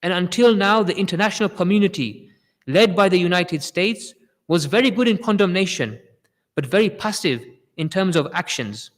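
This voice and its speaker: A man's voice: high voice, expressive, moderate pace, long reverb tail. A man delivering a Friday sermon with passion, often repeating his phrases for emphasis. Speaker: preacher giving a Friday sermon.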